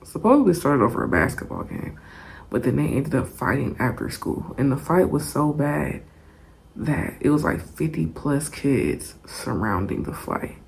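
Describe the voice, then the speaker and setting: A young woman telling a story in a casual storytime vlog, animated and profane, laughing often. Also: very deep voice, moderate pace, gravelly.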